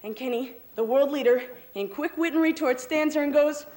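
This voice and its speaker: A woman with a notably high voice tells a joke to a camera on a city street. She acts out the characters, jumping her voice up for their lines. The sound comes from a camcorder outdoors. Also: normal speed, darkish tone, poor audio. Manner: acts out characters with big jumps in pitch. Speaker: stranger telling a joke. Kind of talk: animated joke telling. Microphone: camcorder microphone.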